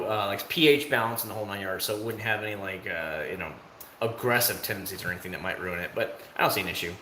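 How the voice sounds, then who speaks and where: A man's voice: mid-range voice, a bit bright, reverberant, a little hiss or hum. A man hosting a livestream, chatting casually with viewers in a candid, rambling way full of fillers, outside his home. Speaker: livestream host. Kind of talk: casual chat answering viewers.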